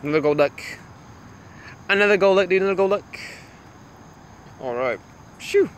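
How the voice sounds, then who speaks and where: A young man casually chatting with viewers on a livestream while playing a phone game, excitable and laughing often. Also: high-pitched, normal speed, a little hiss or hum. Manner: excitable, laughs a lot, greets chat viewers. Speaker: livestream gamer.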